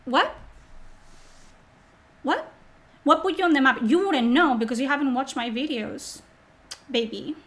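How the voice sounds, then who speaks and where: A woman's voice: high voice, animated, moderate pace. A woman streamer talking on a live stream, mocking and sarcastic as she answers chat, swearing often, while sick.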